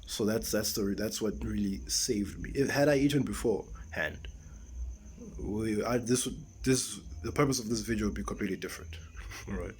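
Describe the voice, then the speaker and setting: A man's voice: lowish voice, normal speed. Guy ranting about a movie he hated, rambly, keeps asking right?, faint hiss in the background. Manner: exasperated, rambling with restarts and rhetorical "right?". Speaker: film reviewer. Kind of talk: casual ranting review.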